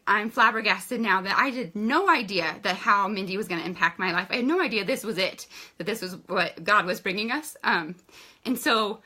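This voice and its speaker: A woman's voice: medium pitch, bright, forceful tone. A woman in her thirties telling her personal story on a livestream, earnest and emotional, calling her viewers "you guys" and at times fighting tears. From Colorado, United States. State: tearful at times. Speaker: makeup seller sharing her story.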